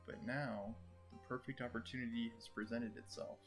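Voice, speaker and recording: A man voicing a vengeful, brooding man, speaking slowly and with menace while reading a video game aloud. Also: mid-range voice, fairly even intonation, faint music behind, natural voice. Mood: menacing. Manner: slow, menacing.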